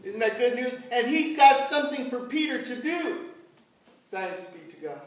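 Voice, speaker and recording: A man preaching as pastor, telling the story slowly and asking his congregation questions. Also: extremely high pitch, very animated. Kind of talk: sermon. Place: church. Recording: echoey church from far off.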